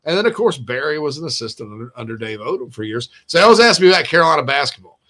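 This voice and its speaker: Bright, animated man chatting sports. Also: on the high side, very fast. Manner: rambling, animated, frequent restarts and laughs. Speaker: sports podcast host. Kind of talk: casual sports chat.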